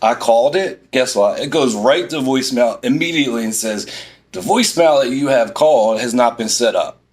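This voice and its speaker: A Philadelphia man with a medium-pitched voice rants at normal speed from inside a parked van. The exasperated vlogger tells an animated storytime, quoting the back-and-forth.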